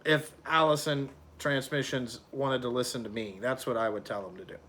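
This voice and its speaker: A man's voice: medium pitch, fairly even intonation, normal speed, a bit bright, a little hiss or hum. A middle-aged man who runs a trucking company, ranting bluntly and profanely about his drivers in a casual vlog.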